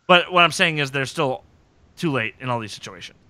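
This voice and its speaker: Brisk and medium-pitched, with no echo, a podcast host breezes through a recap of a TV episode. He's animated, voicing the characters' lines in put-on voices.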